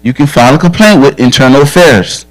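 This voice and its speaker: A man's voice: medium pitch, quick pace, low-quality recording. A man who is a police officer, giving a direct, earnest safety talk to children at a church camp and telling stories from his own life. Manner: direct, earnest, frank storytelling.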